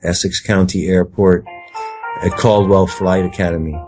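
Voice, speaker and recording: A man's voice: low-pitched, fairly even intonation, normal speed, darkish tone, faint music behind. A man interviewed as a guest, talking at length in an emphatic, rambling way and acting out quoted speech. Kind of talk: conspiracy talk interview.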